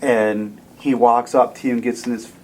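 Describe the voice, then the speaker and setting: A man narrates a tabletop game as dungeon master, building the scene with vivid, dramatic detail. His voice sits at a middle pitch, with faint noise behind it. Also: fairly even intonation, normal speed, darkish tone, low-quality recording.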